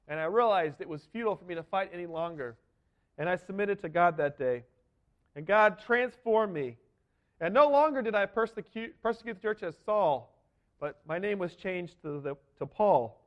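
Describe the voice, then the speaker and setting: A man's voice: high-pitched, lively intonation, moderate pace, dull audio. A man giving an earnest, emphatic sermon as a first-person dramatic monologue. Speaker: preacher.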